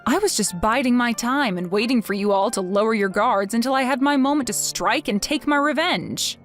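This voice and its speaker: A woman's voice: fairly high pitch, lively intonation, moderate pace, soft background music, lightly acted. A woman voicing a vengeful young wife who speaks in a mocking, sarcastic way. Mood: taunting. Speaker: wife in a text-message story.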